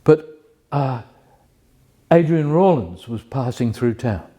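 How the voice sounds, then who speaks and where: A man telling a personal story with many pauses and restarts, then reading poetry slowly and carefully. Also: mid-range voice, lively intonation, dark tone, breathy edge. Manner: hesitant, many restarts and fillers, self-deprecating; slow, measured recitation of verse. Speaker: community member sharing a personal story.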